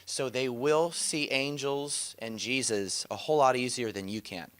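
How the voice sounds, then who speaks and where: A man's voice: medium pitch, a little slow, clean tone. A man teaching a session, telling stories with enthusiasm and frequent laughter. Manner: enthusiastic storytelling, laughs often.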